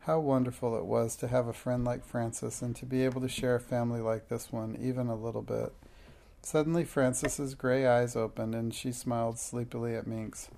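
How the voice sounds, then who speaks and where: A man reading a children's book aloud in a steady, unhurried way. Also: medium pitch, creaky, a little hiss or hum. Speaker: audiobook narrator.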